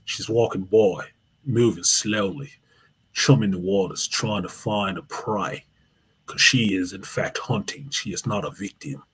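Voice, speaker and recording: A man putting on an as an excitable male wildlife show host, narrating in a hushed nature-documentary way. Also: deep voice, a little slow, slight background noise, voice pushed down, poor audio.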